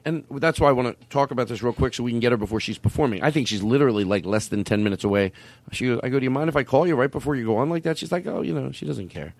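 A man's voice: mid-range voice, rapid-fire, dry recording. A man in his fifties hosting a comedy show, joking loosely with frequent hesitations. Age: 50s. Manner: animated, jokey, frequent hesitations. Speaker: comedy podcast host.

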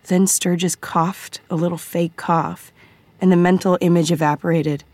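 A woman narrating an audiobook in a measured, quietly suspenseful way. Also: lowish voice, fairly even intonation, no echo.

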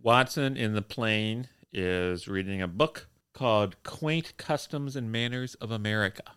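A man co-hosting a casual movie commentary podcast, joking playfully and acting out scenes in a deadpan way. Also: lowish voice, unhurried, smooth, no room sound, studio quality. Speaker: podcast co-host.

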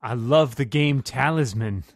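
A man's voice: medium pitch, no room sound. A man making joking asides in a casual commentary chat. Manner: jokey, quick asides. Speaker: podcast panelist.

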